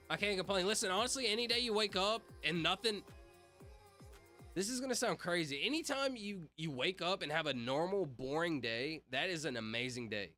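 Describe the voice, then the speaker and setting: Speaking in a high-pitched, sharp voice, a young man rambles through a casual livestream from his home. Fillers pile up, and "like" and "bro" come out nonstop.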